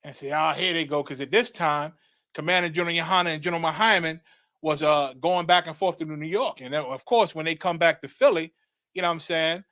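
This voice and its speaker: This religious teacher is a middle-aged man with a fairly high voice and a hard, forceful edge, telling his story as preached testimony. He repeats phrases and builds to excited shouts, speaking a little fast. The recording is close and dry.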